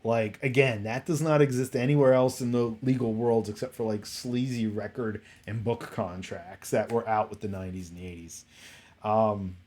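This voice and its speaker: A man's voice: on the low side, fairly even intonation, moderate pace, darkish tone. A man hosting a casual commentary stream, rambling and exasperated, often restarting his sentences. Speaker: host.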